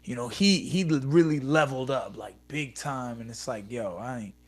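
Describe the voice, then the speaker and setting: A man's voice: mid-range voice, normal speed. A man in his thirties, a guest on a podcast, chatting casually and rambling through profane stories. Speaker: podcast guest, professional fighter.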